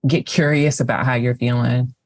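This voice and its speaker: A woman's voice: rumbling low, steady tone, a little mellow, dry recording. A woman talking reflectively in a casual podcast conversation, often restarting her sentences. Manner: reflective, halting, many restarts.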